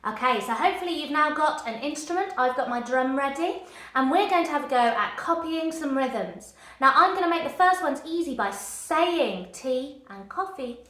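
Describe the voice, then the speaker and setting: This woman, a primary school music teacher, runs a children's music class, cheering the kids on and chanting rhythms to clap along with. Her high voice has a fairly bright tone, recorded with a roomy sound in a room with a screen behind her.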